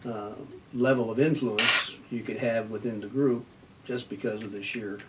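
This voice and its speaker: An older man, a retiring judge, answering an interview question in a measured, thoughtful way, with frequent pauses and fillers. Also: on the low side, steady tone. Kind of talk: news interview. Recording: distant mic with faint noise.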